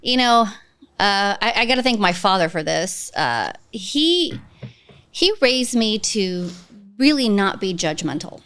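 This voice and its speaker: A woman police detective answering interview questions in an earnest, measured, reflective way. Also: mid-range voice, sing-song, fairly bright tone, clean tone.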